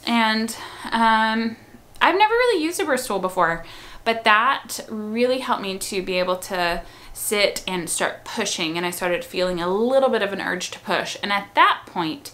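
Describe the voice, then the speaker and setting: A woman's voice: mid-range voice, pushed and bright. A woman casually telling her own birth story to viewers, with a chatty, rambling delivery full of "um" and "like.". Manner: chatty, with frequent "um" and "like".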